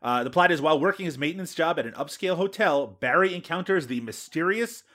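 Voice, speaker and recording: A man's voice: fairly high pitch, lively intonation, fast, sharp tone. A man hosting a casual podcast, joking with his guests and reading out news items. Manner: jokey, reads news items aloud. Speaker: podcast host.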